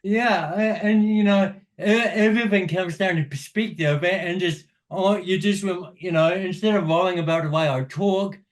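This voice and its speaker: A man whose speech carries the slur of cerebral palsy. His voice sits high for a man. He chats frankly and casually, swearing now and then and restarting his thoughts. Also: steady tone, moderate pace, hardly any pauses. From New Zealand. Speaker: podcast guest, inspirational speaker. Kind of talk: casual chat.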